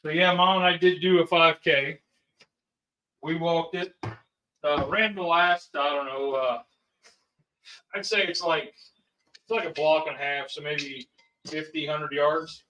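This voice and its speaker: A man's voice: a little high, fairly even intonation, unhurried, pauses often, sharp tone. A middle-aged man hosting a casual livestream, rambling and chatty as he talks to viewers and family. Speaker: livestream host and home cook. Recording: dull, distant mic.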